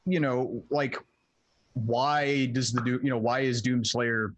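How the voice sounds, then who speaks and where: A man's voice: medium pitch, level tone, slow, no room sound. A man, a tabletop game player, chatting casually at home, rambling with many fillers and swearing. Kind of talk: casual chat.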